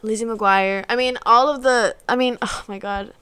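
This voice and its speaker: A woman's voice: fairly high pitch, fairly even intonation, moderate pace, sharp tone, clean tone. A young woman chatting casually on a podcast, rambling and giggly. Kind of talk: casual chat.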